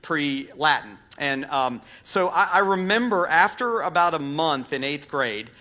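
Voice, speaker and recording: A man's voice: on the high side, expressive, unhurried, bright, forceful tone. A man in his thirties, a pastor preaching a sermon, telling a story casually with many fillers and self-deprecating asides. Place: church auditorium.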